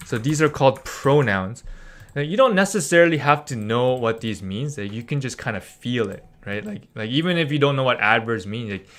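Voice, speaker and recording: A man's voice: medium pitch, animated, a little fast, a bit bright. A young man giving a casual live-streamed language lesson, rambling with lots of fillers and little laughs.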